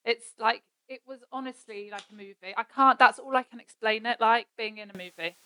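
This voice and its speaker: A woman's voice: fairly high pitch, fairly quick, bright, forceful tone. A young woman in casual chat who hesitates, corrects herself often and giggles.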